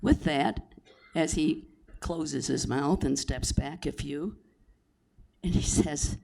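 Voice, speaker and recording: A man hosting a town hall, slowly telling a joke to the audience. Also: a little high, creaky, darkish tone. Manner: slow, drawn-out storytelling.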